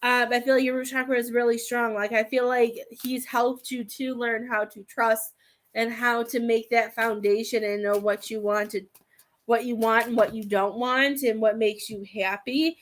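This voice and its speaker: A woman's voice: fairly high pitch, level tone, normal speed. A woman giving a tarot reading as a medium, talking in a rambling, hesitant way that often turns emotional. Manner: rambling, hesitant, full of "I feel like"; emotional and tearful at times. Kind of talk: live-stream tarot reading.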